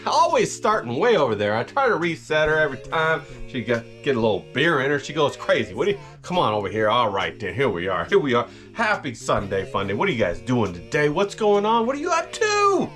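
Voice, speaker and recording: A man with a fairly high voice hosts a casual cooking vlog from his home kitchen. His pitch swings wildly up and down as he rambles in a folksy, profane way, tossing asides to viewers and the cameraman. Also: huge pitch swings, a little fast, few pauses, fairly bright tone, faint music behind. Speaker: home cook host.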